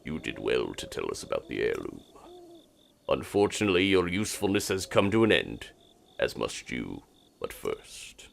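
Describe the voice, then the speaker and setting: Dude doing a deep growly game villain, cold and sneery, real low and rough. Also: male voice, wildly swooping pitch, normal speed, slight background noise, exaggerated voice. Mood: menacing. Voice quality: deep gravelly evil voice. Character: menacing male clan assassin, cold and sneering.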